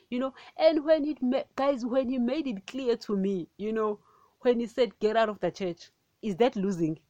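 A woman giving an informal spoken sermon on her podcast, animated and chatty, calling her listeners "guys" over and over and laughing now and then. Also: a little high, normal speed, no echo, muffled recording. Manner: animated, repeats "guys" constantly, laughs often. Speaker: podcast preacher.

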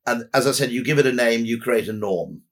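Here an advertising executive guests on a podcast interview, chatting in a rambling, anecdotal style full of dry asides. His mid-range voice is expressive and he speaks a little fast.

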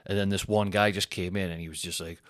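A man's voice: deep voice, fairly even intonation, fast talker, no echo, clean studio sound. A man, rambling and swearing through a casual solo podcast chat. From North East England. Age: 30s. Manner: rambling and sweary, thinks out loud. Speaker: podcast host.

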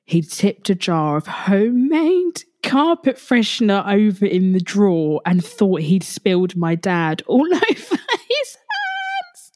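A woman's voice: medium pitch, huge pitch swings, slow pace, a little mellow. A young woman hosting a casual solo podcast, talking in a chatty way, repeating herself and swearing freely. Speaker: podcast host.

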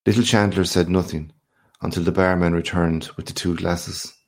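A man narrating a classic short story in a measured, unhurried audiobook reading. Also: deep voice, fairly even intonation.

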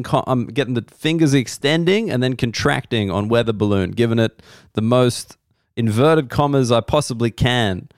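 A man's voice: mid-range voice, clear, resonant tone, no room sound, studio quality. A man in his thirties with an Australian accent, a comedian doing a rambling, wry, self-deprecating solo podcast monologue.

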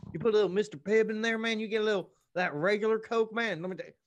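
A man's voice: sits high, very fast, dull audio, voice pushed up, lightly acted. A man putting on a laid-back Southern country bumpkin who tacks "man" onto every phrase, over a video call. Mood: drawling.

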